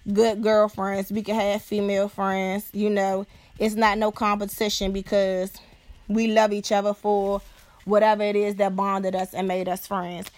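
A woman's voice: on the high side, dry recording. Blunt, profane woman telling a story. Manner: blunt and profane, keeps asking "you know what I'm saying"; animated, acts out other people's voices. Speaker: podcast host. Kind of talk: casual storytelling monologue.

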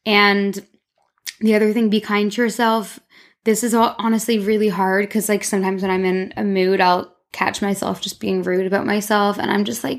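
A woman hosts a loose, unscripted solo podcast from her own room. She talks candidly and rambles, filling her speech with "like" as she gives herself a pep talk. Her voice sits at an ordinary middle pitch for a woman. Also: level tone, normal speed. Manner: candid, rambling, self-encouraging with many "like"s. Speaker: podcast host. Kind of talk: casual solo podcast monologue. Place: her own room, speaking toward a mirror.

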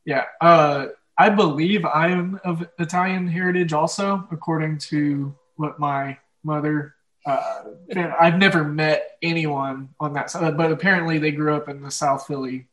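A man's voice: on the high side, fairly even intonation, measured pace, fairly bright tone, low-quality recording. A young man with an Oklahoma Midwestern accent hosts a casual podcast chat, rambling with lots of fillers and frequent laughs. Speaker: podcast host.

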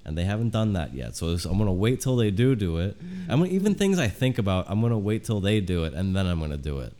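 Low-voiced rambling male podcast host. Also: sing-song, quick pace, warm tone. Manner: rambling with lots of fillers. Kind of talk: casual comedic chat.

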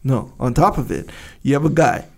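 A man's voice: mid-range voice, moderate pace, vocal fry. Man laughing through casual podcast banter. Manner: animated, laughs often, says "bro". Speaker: podcast co-host. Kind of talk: casual chat.

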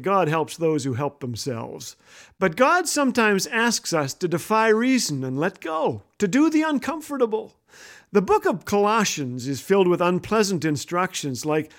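A man hosting a humorous devotional radio talk, telling jokes and doing animated voices for the people in them. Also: high-pitched. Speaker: radio host.

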